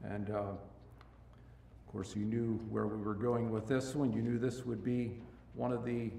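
A male preacher with a gravelly voice delivers a sermon in a church. He swings from loud, emphatic rises to quiet, low passages and often repeats himself as he restarts a thought. He is picked up from some distance in a roomy, echoing space. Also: flat delivery, unhurried, slight background noise. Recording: echoey room, mic at a distance.

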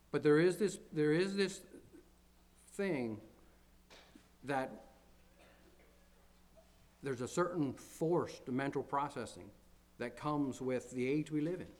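A man's voice: medium pitch, darkish tone. A man preaching as pastor to his congregation, earnest, often repeating phrases and building to emphatic declarations. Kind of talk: sermon.

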